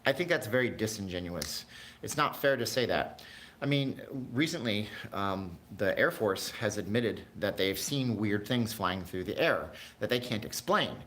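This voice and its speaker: Speaking at a normal speed with lively intonation, the male livestream host has a lowish, somewhat bright voice, and faint background noise can be heard. He runs a casual stream, wandering through tangents and chatting with his live chat audience.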